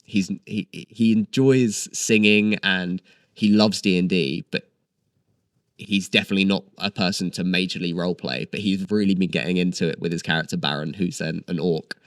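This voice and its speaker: A man's voice: deep voice, fairly even intonation, normal speed, no room sound, clean studio sound. A man, chatting eagerly as an actor guest in an interview. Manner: chatty and enthusiastic, with many fillers. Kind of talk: casual interview chat.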